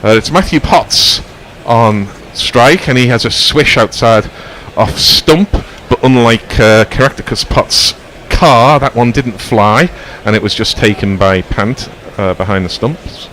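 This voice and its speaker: A man calling cricket ball by ball, drifting into whimsical asides as he talks. His voice sits at a middling pitch, with a faint hum of outdoor noise behind it. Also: a little slow, hardly any pauses, fairly bright tone. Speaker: cricket commentator. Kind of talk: ball-by-ball radio commentary.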